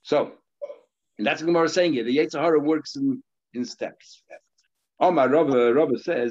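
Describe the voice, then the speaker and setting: A man teaching a Talmud lesson, explaining step by step with halting restarts and short stories. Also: fairly high pitch, a little mellow, dull audio.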